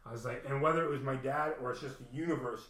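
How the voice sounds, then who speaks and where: A man's voice: mid-range voice, fast, fairly bright tone, reverberant, poor audio. A man rambling through an emotional personal story, repeating himself and swearing often.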